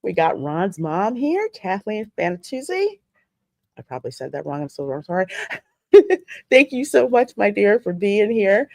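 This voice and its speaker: Laughing frequently, a livestream podcast host warmly and chattily welcomes viewers by name. She speaks in a gravelly, very animated medium-pitched voice at a measured pace, with no echo.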